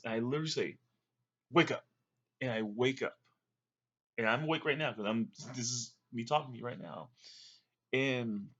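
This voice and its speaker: A man's voice: medium pitch, fairly bright tone, highs cut off. A man telling a long, rambling story to camera in a casual way, with fillers and restarts. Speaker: vlogger recounting a dream.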